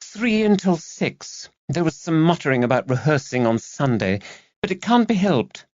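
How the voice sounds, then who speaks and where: Man voicing a woman film star, brisk and commanding, raised pitch. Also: sing-song, darkish tone, no room sound, dull audio.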